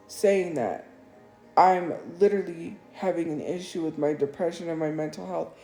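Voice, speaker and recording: Her voice sits low and mellow as this woman livestreams, defensive and upset, circling back over the same points. It's an emotional monologue captured in an echoing room, with music faintly audible.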